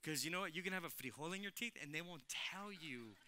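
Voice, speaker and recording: A male pastor giving a lively sermon in church, repeating phrases and calling out to the congregation. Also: a little high, fast talker, background noise. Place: church sanctuary.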